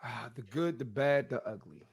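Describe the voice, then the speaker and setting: A man's voice: mid-range voice, expressive, normal speed, gravelly, slightly rough, no echo, studio quality. A man co-hosting a casual podcast chat, emphatic and slang-heavy, repeating phrases over and over. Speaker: podcast co-host.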